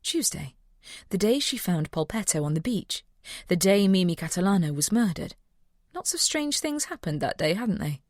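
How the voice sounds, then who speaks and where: A woman's voice: medium pitch, big pitch swings, normal speed, no echo, clean studio sound. A woman narrating a mystery audiobook and voicing a cheerful young vet. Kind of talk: scripted narration.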